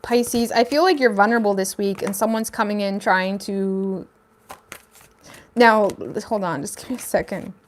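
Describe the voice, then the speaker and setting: A woman's voice: mid-range voice, moderate pace, slight background noise. A woman hosting a casual tarot reading, talking straight to her viewers in a chatty way and often hedging with "I feel like.". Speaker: tarot reader.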